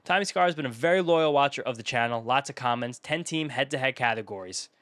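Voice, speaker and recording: A young man talks fast and chatty, rattling off names and grading teams in a casual solo commentary. His mid-pitched voice sits close on the mic in a dry, dead room. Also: lively intonation, fairly bright tone, no room sound. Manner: rapid, chatty, riffing off a list of names. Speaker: fantasy baseball YouTuber.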